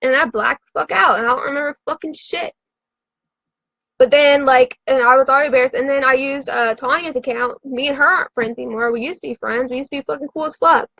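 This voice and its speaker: Woman, high voice, tipsy, profane, rambling livestream confessional; dry, dull lo-fi recording. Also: fast, creaky, sharp tone, dry recording. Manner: profane, rambling, frantic storytelling. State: drinking.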